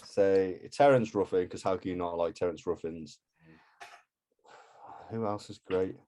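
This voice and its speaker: A bodybuilder and posing coach in casual podcast chat, blunt and sweary. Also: male voice, low voice, unhurried, warm tone.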